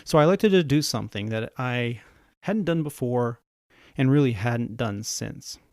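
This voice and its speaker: With lively intonation and a moderate pace, this medium-pitched man tells relaxed anecdotes, mimicking the people in his stories. He's a podcast host and airline pilot. The recording has studio quality and no room sound.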